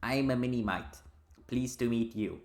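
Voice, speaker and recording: A man's voice: medium pitch, normal speed, darkish tone, lightly acted. A chirpy little green winged mite, friendly but impatient, chatting in a light, slightly raised voice, as a man puts it on while reading a gamebook. The sound carries a roomy echo. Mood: cheerful.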